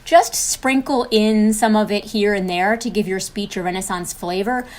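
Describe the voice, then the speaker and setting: A woman's voice: medium pitch, normal speed, a little mellow. An encouraging woman hosts a lesson with an upbeat, teacherly lilt. Her voice sits in a comfortable middle register as she walks the listener through each rule. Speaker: co-host and instructor. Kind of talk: scripted instructional video.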